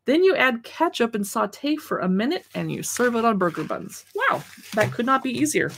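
A woman's voice: a little high, sing-song, moderate pace, creaky, noisy background. Chatty woman reading product labels. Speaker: live stream host. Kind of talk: casual product live stream. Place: home desk.

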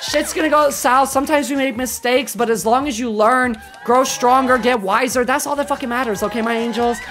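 A woman's voice: sits high, fairly quick, fairly bright tone, a faint crowd. A woman streamer ending her live stream with a long, affectionate, rambling sign-off to her chat, swearing casually.

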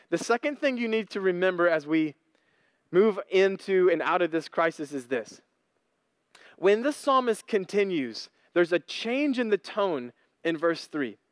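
A preacher in his thirties delivers a sermon with a high, bright voice. He spins folksy stories between his points, and the recording is close and dry. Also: no echo. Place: empty church auditorium.

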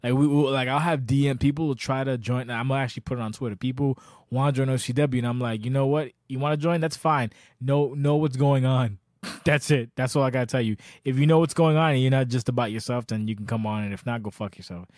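A man's voice: mid-range voice, fast, darkish tone, no room sound, studio quality. A man hosting a casual podcast, telling long profane stories with lots of restarts. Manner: profane, rambling storyteller. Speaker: podcast host.

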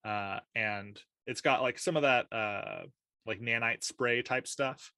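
A man hosting and playing in a tabletop role-playing session, describing his moves casually with many fillers and frequent laughs. His voice is bright and forceful, with a dry, close sound. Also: mid-range voice, slow pace, no room sound. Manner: filler-heavy, laughing easily. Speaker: host and player. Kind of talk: tabletop game play, casual.

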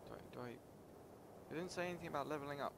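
A young man giving casual let's-play commentary, excitable and jumpy, talking to himself and yelping when scared. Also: fast talker. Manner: excitable, jumpy, talks to himself, breaks into high panicked yelps. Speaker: gameplay streamer. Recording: loud game ambience and insect noise behind.

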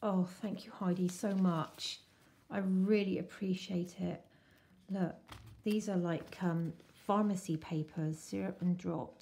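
A woman chatting casually and excitedly as she unwraps a craft swap parcel. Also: on the low side, vocal fry, slight background noise. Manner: gushing, excitable, slow-paced. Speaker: crafting vlogger. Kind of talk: casual unboxing chat.

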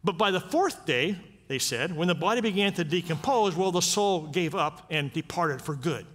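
Lively, high-voiced male preacher in a church. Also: moderate pace. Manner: conversational preaching with frequent rhetorical questions. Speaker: pastor. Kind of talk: sermon. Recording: long reverb of a church sanctuary.

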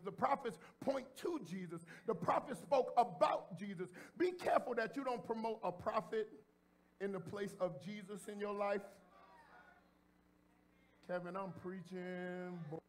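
A pastor preaching a sermon in a church. He talks straight to the congregation in a casual way and repeats phrases as he builds to shouts. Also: high-pitched, moderate pace. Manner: addresses the congregation directly and informally. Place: church sanctuary before a congregation.

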